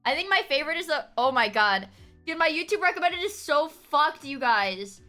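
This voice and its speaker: Woman streamer, casual chat, swoops through her pitch, laughs a lot and bursts into shouts. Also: lively intonation, moderate pace, faint music behind.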